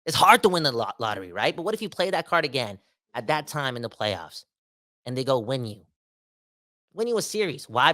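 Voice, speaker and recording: A Canadian man hosting a sports podcast solo, talking in an animated, slangy, emphatic way and repeating himself for effect. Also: medium pitch. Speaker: podcast host. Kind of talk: casual sports podcast rant.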